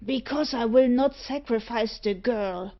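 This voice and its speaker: A woman reading the part of a troubled, defiant gentleman who speaks earnestly and firmly. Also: a little high, unhurried, dull audio, close to an everyday voice.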